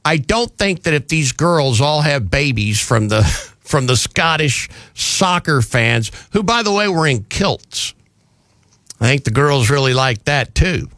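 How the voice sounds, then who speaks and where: A man's voice: fairly high pitch, sing-song, a little slow, fairly bright tone, no room sound. A man hosting a talk radio show, delivering mocking, sarcastic commentary on a studio microphone.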